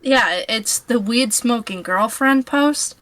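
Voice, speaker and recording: A woman's voice: fairly high pitch, takes it slowly, a bit bright. Woman trading dry jokes on stream. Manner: dry, joking asides. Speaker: co-player. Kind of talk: casual live-stream chat.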